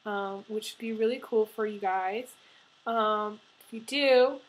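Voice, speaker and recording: In a low-quality recording, a tarot reader with a mid-range voice talks at a measured pace during a casual reading to camera. She's crying and emotional, laughing through the tears, and her speech is full of ums and restarts.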